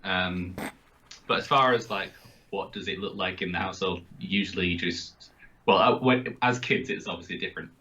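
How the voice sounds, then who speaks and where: A man's voice: sits low, normal speed, slight background noise, rough recording. A man co-hosting a podcast, chatting casually and hesitantly with many fillers. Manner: hesitant, full of fillers and soft laughs. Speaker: podcast co-host. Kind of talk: casual chat.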